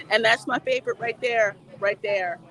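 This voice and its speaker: A woman's voice: fairly high pitch, measured pace, a bit bright. A woman livestreaming outdoors from a theme park on a handheld phone, chatting casually, laughing often and reading viewer comments aloud. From Louisiana.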